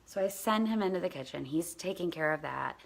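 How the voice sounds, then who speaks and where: A woman host telling a parenting story in a casual, animated way, acting out what people said. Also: on the low side, a little fast, creaky. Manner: animated, acts out quoted dialogue, drops to near-whisper for quotes.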